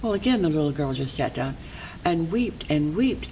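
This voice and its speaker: Casting: lively oral storyteller for a folk tale, mid-range voice. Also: medium pitch, normal speed, slight background noise, low-quality recording. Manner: lively, expressive, repetitive folk-tale phrasing.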